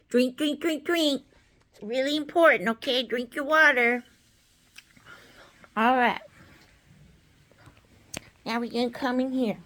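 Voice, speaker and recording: A woman playing with stuffed animals, talking in a slow, coaxing, babying sing-song manner. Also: high voice, a bit bright. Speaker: caregiver playing with toys. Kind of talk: playful talk to an adult in her care.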